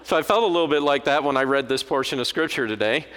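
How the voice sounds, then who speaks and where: A man's voice: mid-range voice, fast, slight background noise. Guy giving a chatty sermon, tells stories, long echo in the church. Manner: conversational, animated storytelling. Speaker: preacher. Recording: long hall reverb.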